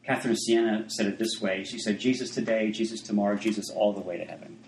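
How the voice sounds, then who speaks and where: A man's voice: fairly low pitch, fairly even intonation, fast, reverberant, slight background noise, rough recording. A man preaching a sermon in a conversational way, full of asides and restarts.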